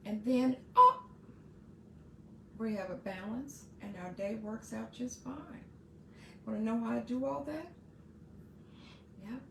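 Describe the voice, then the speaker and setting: A chatty, earnest middle-aged woman talks straight to parents in her own podcast. Her voice sits a bit high and carries a gravelly fry. The room around her rings with echo, and a faint noise lies underneath. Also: a bit bright. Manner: chatty, earnest, restarts and asides. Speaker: podcast host. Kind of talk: casual advice monologue.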